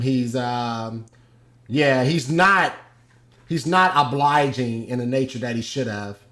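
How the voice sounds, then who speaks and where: A young man talking through a video clip in an unscripted, casual way. He hesitates often, fills pauses with "um" and restarts his sentences as he goes. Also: mid-range voice, a bit bright. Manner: hesitant, many ums and restarts. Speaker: host.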